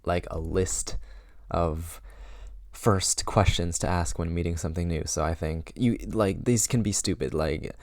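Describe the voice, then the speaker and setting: A man's voice: low-pitched, steady tone, a little slow, dry recording, studio quality. A young man around eighteen giving casual social advice to camera, chatty and full of fillers, acting out sample lines.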